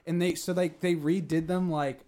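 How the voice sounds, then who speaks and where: A young man in casual chat, relaxed and rambling. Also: fairly high pitch, normal speed.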